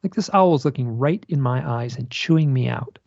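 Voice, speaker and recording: Gravelly-voiced male guest, husky, dry and slightly dull remote audio, a rambling storyteller. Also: medium pitch, fairly quick, dry recording. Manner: rambling, animated storyteller with many restarts. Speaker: guest author and researcher. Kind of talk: casual storytelling interview.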